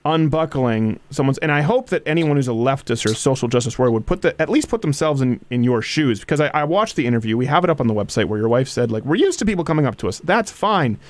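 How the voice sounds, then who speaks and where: Fast animated male talk host. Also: medium pitch. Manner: animated, sarcastic, quick. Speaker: podcast host. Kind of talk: casual talk show chat.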